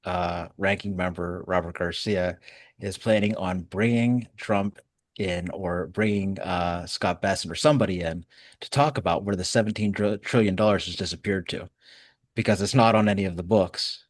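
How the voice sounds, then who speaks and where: A man's voice: sits low, moderate pace, dry recording. Sarcastic man hosting political chat. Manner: animated, sarcastic, swears freely. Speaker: political commentary host.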